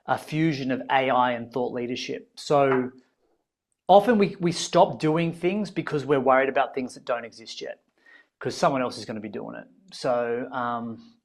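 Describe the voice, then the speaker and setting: A man hosts a live webinar. He teaches with energy, prompting his audience to answer in the chat and filling gaps with frequent ums. He sounds like he is on a video call microphone. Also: medium pitch. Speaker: webinar host.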